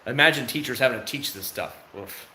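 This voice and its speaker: A man's voice: a little fast, slight background noise. Chatty man streaming from a roomy home. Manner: rambling, chatty, with sudden loud, high bursts. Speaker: livestreamer. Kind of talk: casual livestream chat. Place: at home, indoors. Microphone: phone.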